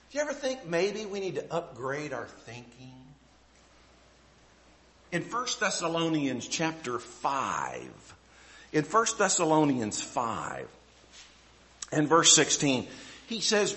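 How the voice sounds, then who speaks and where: A man's voice: a little high, sing-song, a little slow, bright, forceful tone. A middle-aged male pastor preaching a sermon with folksy, self-deprecating stories. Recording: echoey room.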